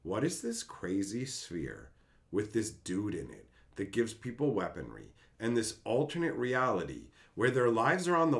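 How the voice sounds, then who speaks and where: A man casually ranting on a livestream, reading chat aloud, laughing and swearing as he gets worked up. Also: mid-range voice.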